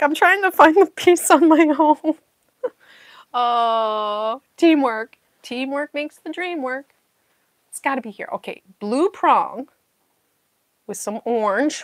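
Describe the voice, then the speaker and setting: A New Zealand woman with a voice on the high side hosts a casual live-stream puzzle chat, talking to herself while she searches and laughing often. There's no room sound.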